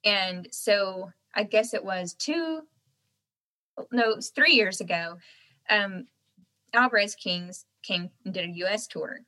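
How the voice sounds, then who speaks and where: A young woman with a softened Southern American accent, chatting casually as a guest and laughing often. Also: medium pitch, slow, low-quality recording. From Southern United States. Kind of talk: casual chat.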